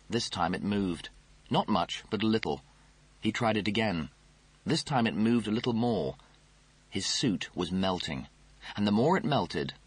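Male audiobook narrator, lowish husky voice, lively delivery, dry booth. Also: dry recording.

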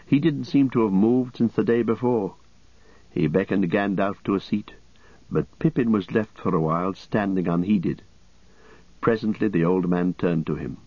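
A man reading an audiobook as narrator in a steady, measured way. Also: lowish voice, no echo, muffled recording. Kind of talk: scripted narration.

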